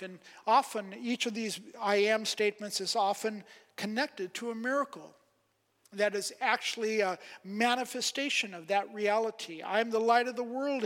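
A man preaching a sermon, emphatic, rising on quoted questions and dropping soft at phrase ends. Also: high voice. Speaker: pastor. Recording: long hall reverb.

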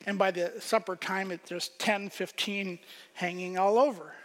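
A man preaching a sermon as pastor, swinging from loud emphasis to hushed whispers. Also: sits high, steady tone, unhurried, long reverb tail.

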